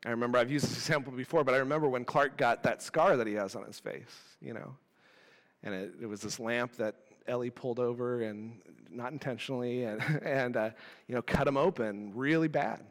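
A man in his thirties preaching a casual, animated sermon with self-deprecating asides. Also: medium pitch, fairly quick, long reverb tail. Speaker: pastor. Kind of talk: conversational sermon.

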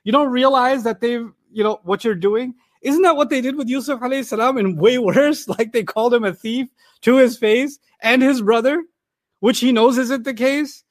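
With an extremely high pitch, a man from New York animatedly teaches the Quran, chatting, telling stories and voicing the dialogue himself. The studio sound is clean with no echo.

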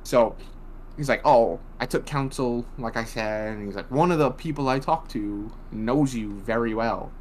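A man's voice: medium pitch, normal speed, darkish tone. A young man co-hosting a casual chat, retelling events bluntly with swearing and rambling asides. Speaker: podcast co-host. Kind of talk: casual wrestling recap chat.

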